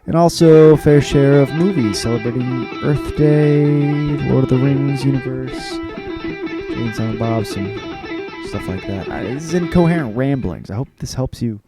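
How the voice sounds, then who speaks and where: A man's voice: mid-range voice, moderate pace, music in the background. A man hosting a comedic podcast, rambling and self-mocking with casual swearing. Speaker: podcast host.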